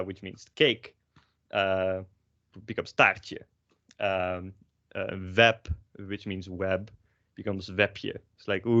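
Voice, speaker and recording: Young man teaching over a muffled call. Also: fairly low pitch. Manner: wry, hesitant, many ums and uhs. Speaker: language teacher. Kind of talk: online class explanation. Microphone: video call. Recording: slightly muffled call audio.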